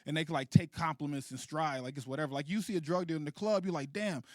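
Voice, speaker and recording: A man in his late thirties doing a stand-up comedy set, animated and profane, laughing at his own jokes. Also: on the high side, racing, dry recording, studio quality. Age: 30s. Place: comedy stage.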